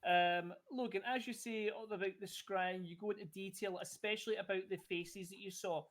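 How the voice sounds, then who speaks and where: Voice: mid-range voice, fairly even intonation, brisk. Chatty, rambling game master. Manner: chatty, loose, many fillers and restarts. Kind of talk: narrating a tabletop game.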